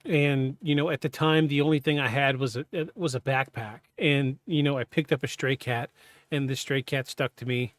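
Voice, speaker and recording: A man hosting a podcast, telling a personal story in a halting, candid, self-interrupting way. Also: mid-range voice, fairly even intonation, no echo. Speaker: podcast host. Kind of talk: casual storytelling.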